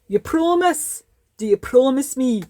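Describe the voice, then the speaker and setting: A woman voicing a small, bossy male brass ornament in a put-on Scottish accent, high-pitched and insistent. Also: animated, unhurried, warm tone, no room sound. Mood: pleading.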